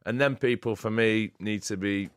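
A man's voice: fairly low pitch, moderate pace, dry recording. A man co-hosting a casual podcast, speaking bluntly into a close studio mic. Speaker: podcast co-host.

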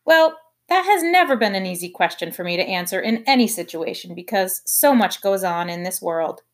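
A woman reading a children's novel aloud with lively, expressive narration. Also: medium pitch, moderate pace. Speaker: audiobook reader. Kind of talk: scripted narration.

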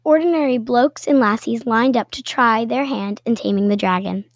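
A woman reading a children's picture book aloud with playful, expressive storytelling and little asides. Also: a little high, moderate pace, dry recording. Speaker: storybook reader.

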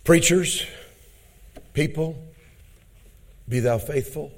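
A man preaching a fervent sermon at a church conference. He moves from hushed, low passages to loud, shouting climaxes and calls the congregation brethren. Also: moderate pace. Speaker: pastor.

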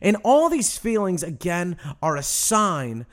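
A young adult male pastor preaching a sermon, emphatic and direct with the congregation, stretching out key phrases slowly. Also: high-pitched. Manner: animated preaching, emphatic with slow drawn-out phrases; addresses congregation directly, asks them to respond.

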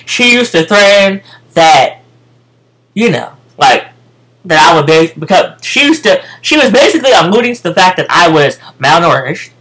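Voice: mid-range voice, very animated, normal speed, fairly bright tone, poor audio. An American speaker telling a casual storytime rant to viewers, profane and emphatic, often repeating phrases. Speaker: vlogger.

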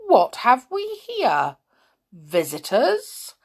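A woman voicing a queer little male wizard in a storybook, loud and pompous. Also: a little high, huge pitch swings, very slow, voice pushed up, full character voice.

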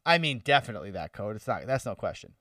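A man's voice: lowish voice, big pitch swings, fast talker, bright, forceful tone, no echo, studio quality, recorded from a distance. A man in his twenties co-hosting a podcast, chatting casually and telling loose, profane stories with frequent laughs. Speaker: podcast co-host. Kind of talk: casual chat.

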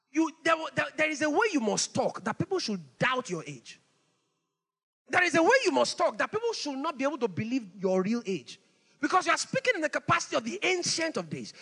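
Male pastor, high and bright, preaching with emphatic repetition in a reverberant hall. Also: breathy edge. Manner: animated, repeats phrases for emphasis. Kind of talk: sermon.

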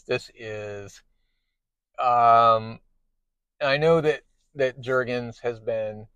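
A man hosting a podcast, casually recapping a comic book in a chatty way, with many pauses. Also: medium pitch, fairly bright tone, no room sound. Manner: chatty, many fillers and restarts. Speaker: podcast host.

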